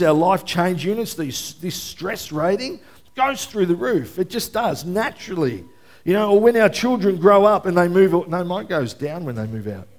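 A man with a noticeably high-pitched voice delivers a sermon from the pulpit. He talks conversationally rather than formally. He keeps turning to his listeners to check they are following. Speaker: pastor.

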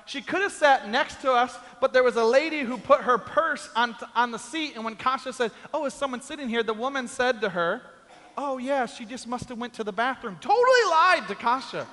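A man preaches in a big church hall, spinning a comic story and acting out every quoted voice. His voice sits very high and sounds bright and forceful. A long reverb trails behind his words. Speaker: pastor. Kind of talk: sermon storytelling.

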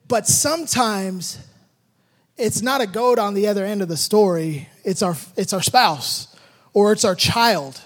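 A man telling a lively story about his kids, acting out the moments with shouted sound effects, then drawing a life lesson from it. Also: high-pitched, measured pace, big-room sound. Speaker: father telling a personal story.

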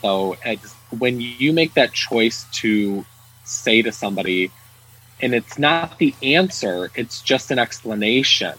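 Male co-host with a slightly husky voice, earnest, halting delivery. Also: medium pitch, a bit bright, low-quality recording. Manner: earnest, restarts often, talks to listeners. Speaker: podcast co-host. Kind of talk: casual podcast chat.

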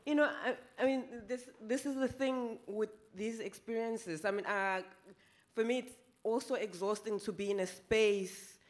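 Reflective high-voiced woman panelist. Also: normal speed. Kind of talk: panel discussion.

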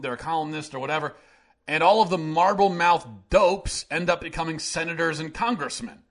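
Male host with a forceful, higher voice, sarcastic and ranting in an opinion monologue. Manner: sarcastic, indignant, building to loud ranting.

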